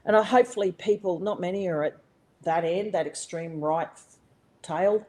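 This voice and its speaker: An Australian woman, middle-aged, telling a personal story as a podcast guest, animated and blunt, swearing freely with many fillers and restarts. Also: lowish voice, normal speed, rough recording. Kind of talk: casual conversational storytelling.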